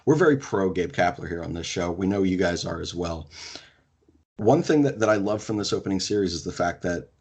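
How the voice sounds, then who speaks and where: A young adult man hosting a podcast in casual sports chat, talking in an excited, emphatic way and swearing casually. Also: deep voice, brisk, breathy edge. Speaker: podcast host.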